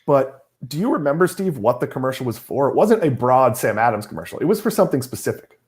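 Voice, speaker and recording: A man's voice: mid-range voice, very animated, fast, darkish tone. A middle-aged man hosting a casual chat, his voice rising and falling a lot in a mid-height register. He has a wry, teasing way of talking. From Massachusetts. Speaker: host.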